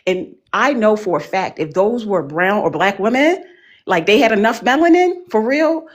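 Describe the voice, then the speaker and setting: A woman talking as a panelist in casual chat, animated and emphatic, full of slang. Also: mid-range voice, moderate pace.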